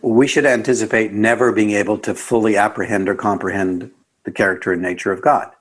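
A man speaking as a podcast guest, his voice a touch husky. He talks in a reflective, earnest way and now and then jumps up sharply in pitch to stress a point. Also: steady tone, brisk. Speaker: author and guest. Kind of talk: conversational podcast interview.

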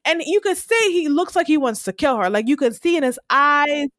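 A woman's voice: sits high, expressive, normal speed, fairly bright tone, dry recording, clean studio sound. A woman co-hosting a casual TV recap podcast, talking animatedly and often acting out what the characters say. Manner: frequent "like" fillers, laughs while talking. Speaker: podcast co-host.

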